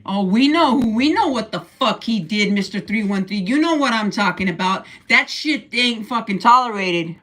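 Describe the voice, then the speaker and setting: A woman's voice: medium pitch, lively intonation, normal speed, few pauses, a bit bright. An older woman hosting a casual livestream from her room at home, blunt and profane as she rants. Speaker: livestream host.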